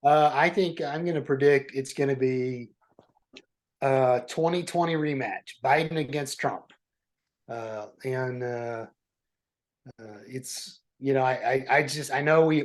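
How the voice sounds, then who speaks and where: A man co-hosting a podcast in casual political chat, often stammering and restarting as he makes his points. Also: medium pitch. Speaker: podcast co-host.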